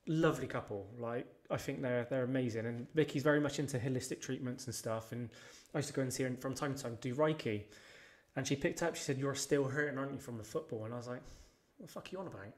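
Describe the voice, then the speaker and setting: A man's voice: mid-range voice, fast talker. Blunt, swearing man telling stories. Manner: blunt, swears freely, animated retelling. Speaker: podcast guest. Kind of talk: casual storytelling chat.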